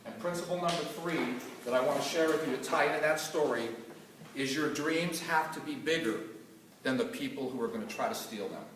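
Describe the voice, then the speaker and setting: A man delivers a motivational seminar talk with a high, bright voice and animated, emphatic storytelling. He stands far from the mic in a large, very echoey room with faint noise behind him. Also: brisk. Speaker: motivational business trainer.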